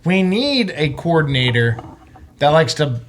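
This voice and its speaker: A man's voice: fairly high pitch, unhurried, a little hiss or hum. Blunt, profane male podcast co-host. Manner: blunt, profane, gets animated. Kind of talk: casual sports chat.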